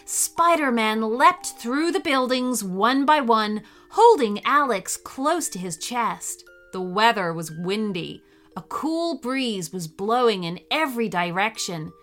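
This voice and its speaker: A woman hosting and reading a children's story, cheerful and expressive, with faint music behind her. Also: on the high side, takes it slowly. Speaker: host and storyteller.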